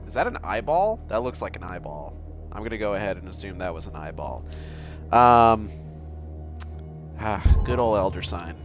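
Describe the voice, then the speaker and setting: A man from Massachusetts with a mild accent jokes and swears his way through casual gameplay commentary, talking back at the game. His pitch swings up and down a lot. Soft game music plays faintly under his voice. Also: very animated, moderate pace, pauses often. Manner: jokey and profane, talks back at the game. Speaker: let's play host.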